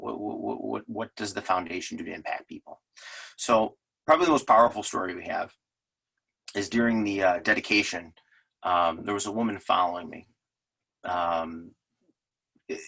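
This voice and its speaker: A man's voice: deep voice, pushed and bright, poor audio. A man giving an unscripted talk, telling earnest stories with many fillers and restarts. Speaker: lodge presenter.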